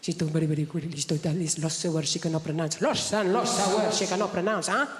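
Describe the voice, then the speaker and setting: A woman's voice: fairly low pitch, fast talker. Dry, self-deprecating English woman comic on a big stage. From England. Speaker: stand-up comedian. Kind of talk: stand-up routine. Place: large theatre stage. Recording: reverberant hall with loud audience.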